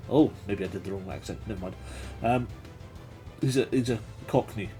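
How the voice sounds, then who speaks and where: A man's voice: on the low side, normal speed, pauses often, dark tone, soft background music. A man hosting a livestream as game master, reading a gamebook aloud and chatting with viewers, laughing often and thinking aloud. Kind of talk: reading a gamebook live with chat.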